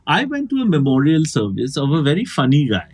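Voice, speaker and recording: A man's voice: a little high, a little fast, breathy edge. A man hosting a comedy podcast, telling long, rambling anecdotes in casual chat. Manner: animated, rambling anecdotal storytelling. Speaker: podcast host.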